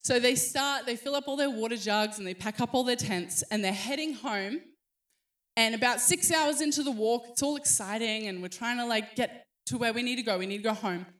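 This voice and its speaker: A woman in her thirties preaching a sermon, telling a story with animated acted-out voices. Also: fairly high pitch, a little fast. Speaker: pastor.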